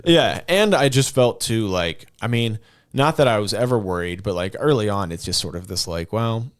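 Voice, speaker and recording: A man's voice: lowish voice, lively intonation, moderate pace. A man who is a comedian and podcast guest, talking casually and hesitantly, with many ums and trailing sentences.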